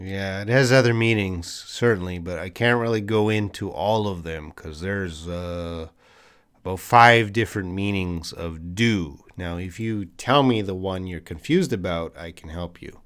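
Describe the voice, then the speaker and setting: A man's voice: deep voice, unhurried, fairly bright tone, clean tone. A man with a Canadian accent, an English teacher, answering viewers' questions in a casual live stream, thinking aloud with fillers and restarts.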